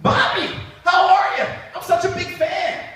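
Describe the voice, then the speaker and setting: An adult man putting on a high, gushing voice as an eager, starstruck small-town cook. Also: level tone, a little slow, fairly bright tone, a little hiss or hum. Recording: echoey room, distant mic.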